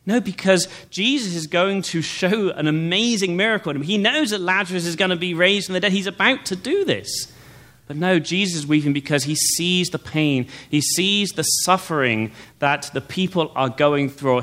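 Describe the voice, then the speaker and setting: A young man preaching a sermon, reading scripture aloud and then explaining it in an earnest, measured way. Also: on the high side, pushed and bright. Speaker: pastor.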